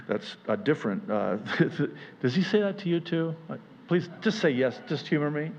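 Man, pastor preaching, animated, acts out voices, self-deprecating humor, mid-pitched voice, slightly dull lo-fi recording. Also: moderate pace. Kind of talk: sermon.

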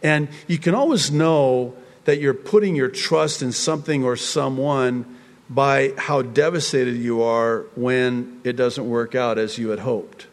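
A man preaching in an unhurried, drawn-out way, his words wandering with restarts and sudden excited rises. His voice sits at an ordinary middle pitch. It rings with the long reverb of a large hall. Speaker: pastor. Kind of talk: conversational sermon.

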